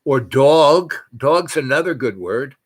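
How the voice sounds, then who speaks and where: A man hosting a comedy show, telling a meandering story full of restarts and absurd deadpan asides. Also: medium pitch, slow. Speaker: comedic YouTube host. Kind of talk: rambling comic storytelling monologue.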